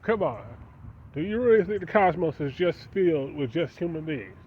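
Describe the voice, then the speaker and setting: Talking casually to his audience, a male vlogger launches into a preachy monologue full of rhetorical questions. His voice is on the high side and expressive, at normal speed, recorded in dull lo-fi sound with faint street noise.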